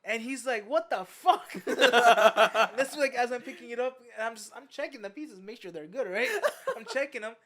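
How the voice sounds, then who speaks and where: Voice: mid-range voice, fast. A young adult podcast host telling a story in casual chat, swearing often and laughing through it. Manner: profane, laughing, animated storyteller.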